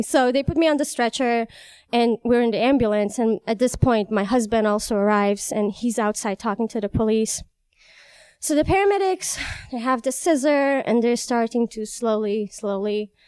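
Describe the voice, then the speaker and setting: A young woman from Iran telling a personal story, animated and vivid, laughing at herself now and then. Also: fairly high pitch, clean tone, no room sound. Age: young adult. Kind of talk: personal story told live.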